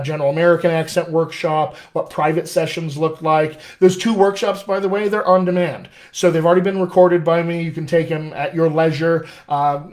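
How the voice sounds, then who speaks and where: A man working as a dialect coach, answering viewer questions in a casual live session, upbeat and encouraging. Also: a little high. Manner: upbeat, encouraging, chatty with restarts. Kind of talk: live-streamed Q&A, casual teaching.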